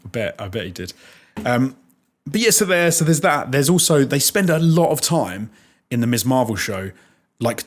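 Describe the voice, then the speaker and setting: British man, casual chat, mid-range voice, frank, laughing. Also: medium pitch. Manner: chatty and frank, with frequent laughs. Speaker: podcast host.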